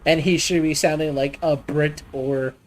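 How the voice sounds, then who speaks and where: A woman's voice: low voice, steady tone, measured pace, a little mellow, slight background noise. A woman streaming a game, chatting casually, swearing and teasing with jokes. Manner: profane, teasing, jokey. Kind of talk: casual gaming stream chat.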